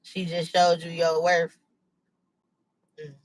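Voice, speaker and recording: A woman's voice: lowish voice, monotone, takes it slowly, a little hiss or hum. A woman hosting a casual live chat with viewers, rambling and laughing with many fillers. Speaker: livestream host.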